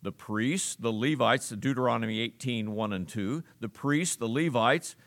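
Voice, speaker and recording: Man preaching, earnest and halting. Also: mid-range voice, fairly bright tone. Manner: earnest preaching with frequent "uh" fillers. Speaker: pastor. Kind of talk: sermon.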